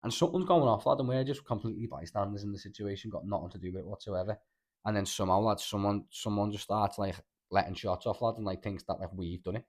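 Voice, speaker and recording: Fast-talking Scouse man telling a story. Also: on the low side. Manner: rambling, animated storytelling with lots of slang and swearing. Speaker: podcast host. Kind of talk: casual chat.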